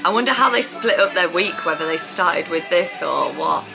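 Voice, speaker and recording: A woman giving an excited, casual reaction commentary as a dance vlogger, gushing, gasping and exclaiming as she watches. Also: fairly low pitch, moderate pace, creaky. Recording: music playing loudly behind her.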